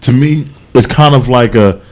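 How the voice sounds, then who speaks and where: A man co-hosting a podcast, talking casually in a rambling, animated way with many restarts and fillers. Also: medium pitch, normal speed. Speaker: podcast co-host. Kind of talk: casual chat.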